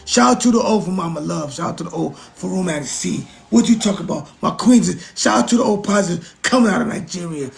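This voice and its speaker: A man's voice: sits high, vocal fry. A man hosting a casual livestream, talking to his chat in an emphatic, repetitive way. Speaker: livestream host.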